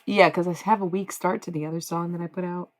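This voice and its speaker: A woman streaming live, chatting casually and profanely with her viewers, rambling between quiet musing and loud bursts. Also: on the low side, steady tone, quick pace. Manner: rambling, profane, talks to chat.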